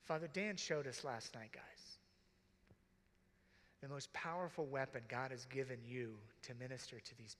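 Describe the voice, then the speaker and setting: A middle-aged man, a deacon, preaching earnestly and from the heart at a conference, sometimes dropping to a hush. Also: medium pitch, moderate pace. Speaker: deacon speaking to priests. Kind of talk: conference sermon. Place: large conference hall. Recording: reverberant hall.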